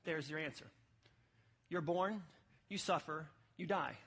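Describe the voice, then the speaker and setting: A male pastor preaching with a fairly high, husky voice. He drives his points hard and passionately, then drops to a hushed, deliberate delivery. The sermon is given to a congregation at a service. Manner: passionate, emphatic preaching with sudden quiet stretches. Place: church service.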